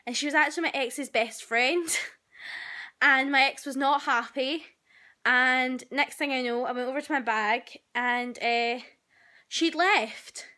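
Young woman vlogger, high and bright, animated gossipy storytelling, handheld camera at home. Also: measured pace. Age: young adult. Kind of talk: casual chatty vlog. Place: at home, indoors.

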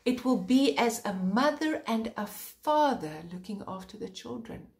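A woman preaching an informal sermon in an earnest way, with many pauses and a voice that turns fervent when she stresses a point. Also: fairly high pitch, lively intonation, a little mellow. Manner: earnest, pausing often, sharpening into fervent emphasis.

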